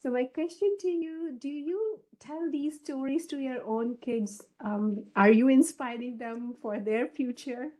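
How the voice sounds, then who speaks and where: Host: woman with a fairly high, warm voice who asks gentle, encouraging questions. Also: unhurried, hardly any pauses. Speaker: interview host. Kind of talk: interview questions.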